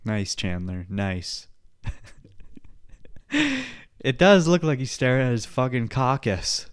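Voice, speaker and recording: A man's voice: medium pitch, lively intonation, slow, pauses often, smooth. Young male podcast host, casual and profane, rambling delivery, mid-range voice. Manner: profane, rambling, laughs a lot.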